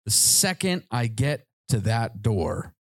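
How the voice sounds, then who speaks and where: A man's voice: medium pitch, takes it slowly, no room sound. A man hosting a podcast, telling a comic story to a live audience and acting out the voices in it. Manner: animated, acts out voices in his anecdotes. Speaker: podcast host.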